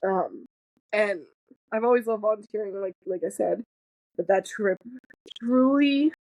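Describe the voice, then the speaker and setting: A woman's voice: medium pitch, unhurried, darkish tone, low-quality recording. A woman as a podcast guest in casual chat, talking candidly with lots of fillers and restarts, swearing freely and joking as she goes. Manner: rambling with many fillers and restarts.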